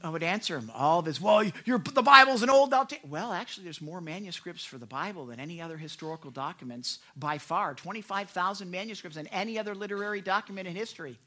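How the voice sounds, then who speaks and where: A man's voice: high-pitched, quick pace, few pauses, pushed and bright. A man preaching as a pastor in an earnest, conversational sermon, with fervent repeated words and frequent "right?" asides to his listeners.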